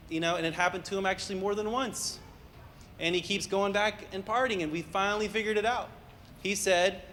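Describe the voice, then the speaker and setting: A man with a high voice counsels parents in a live workshop, telling anecdotes and acting out the voices in them as he goes. He keeps checking in with the audience and asking them questions. His voice rings with long reverb in a hall, with faint room noise underneath. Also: a bit bright. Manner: storytelling, acts out quoted voices, asks the audience questions. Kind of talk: interactive talk to an audience.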